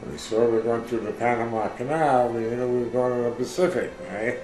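A man's voice: medium pitch, steady tone, fairly quick, reverberant, faint music behind, rough recording. Older man telling war stories. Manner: rambling, many fillers, acts out shouted orders. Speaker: interviewee, war veteran. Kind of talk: casual oral history storytelling.

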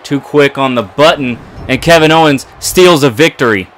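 Excitable man commentating a wrestling game. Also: fairly high pitch, normal speed. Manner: excitable, trash-talking the opponent. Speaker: gaming commentator. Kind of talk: let's play commentary.

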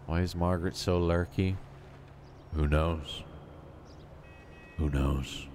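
A man's voice: sits low, fairly even intonation, takes it slowly, a little mellow, slight background noise. A man streaming a role-play game, chatting casually with laid-back jokes. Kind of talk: casual gaming chat.

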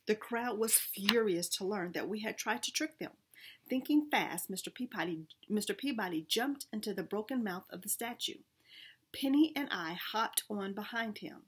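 A woman reading a children's storybook aloud in first person, expressive, with small restarts. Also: medium pitch, slightly rough.

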